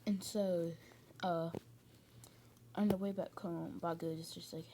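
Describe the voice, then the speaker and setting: A woman's voice: fairly low pitch, steady tone, measured pace, warm tone, slight background noise. A woman casually retelling a fan story, rambling with many fillers and restarts.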